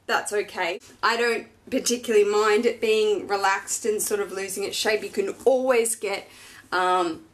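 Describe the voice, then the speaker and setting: A woman's voice: medium pitch, fairly even intonation, normal speed. A woman in her thirties, a fashion vlogger, talking in a gushing, chatty and emotional way as she unboxes and shares personal news. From Australia. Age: 30s.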